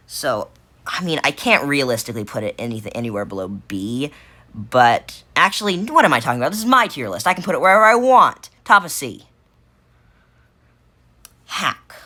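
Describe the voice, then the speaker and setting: A woman's voice: extremely low pitch, a bit bright. A woman giving casual unscripted commentary while ranking game cards, rambling and correcting herself with lots of fillers.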